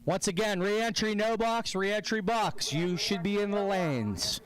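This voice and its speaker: A man from the Pittsburgh area announcing races at an outdoor drag strip over a loudspeaker, chatty and joking at his own expense. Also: high voice, measured pace, low-quality recording. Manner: jokey, chatty, self-deprecating. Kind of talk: live race commentary over a loudspeaker. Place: outdoor drag racing track. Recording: outdoor crowd noise behind.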